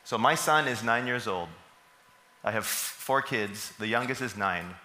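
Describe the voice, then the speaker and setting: A pastor with a sharp, mid-range voice preaches a sermon at a measured pace in a church service hall. He poses questions to the congregation and answers them himself, and the hall sounds echoey.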